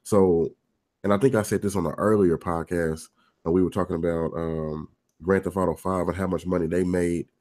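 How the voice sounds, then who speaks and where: A man's voice: low-pitched, steady tone, normal speed, darkish tone. A man co-hosting a casual gaming podcast, giving blunt, opinionated takes. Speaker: podcast co-host.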